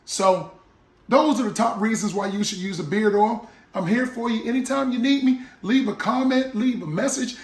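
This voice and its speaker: A man's voice: sits high, normal speed, roomy sound. A man in a casual, jokey vlog to camera, talking up his own beard oil and acting out little scenes. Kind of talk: casual product talk to camera.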